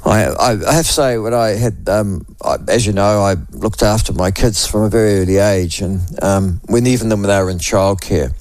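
A man in his sixties with a New Zealand accent, hosting a talk radio show with a voice hoarse from a cold, rambling and chatty with many restarts. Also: fairly low pitch, moderate pace, few pauses, a little mellow, no echo. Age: 60s. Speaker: radio host. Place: radio studio.

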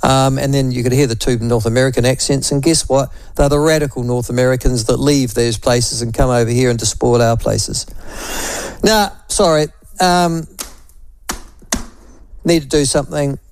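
A talk radio host from New Zealand, a middle-aged man, delivers opinionated talkback chat in a blunt, rambling way, tossing in sardonic asides. His medium-pitched voice is clean and darkish, at a moderate pace, on a dry recording.

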